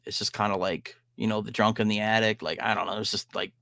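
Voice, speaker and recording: A podcast host rambles casually about a record he's just heard, packing his talk with "like" and "um" and swearing frankly. His fairly low, creaky voice is fast and sharp with a steady tone, captured in a dry, studio-quality recording.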